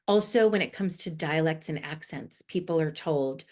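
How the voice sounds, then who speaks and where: A woman's voice: lowish voice, normal speed. A middle-aged woman from the United States, a guest expert explaining earnestly in a podcast interview. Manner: earnest, animated explaining with rising emphasis. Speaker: guest expert on inclusive language.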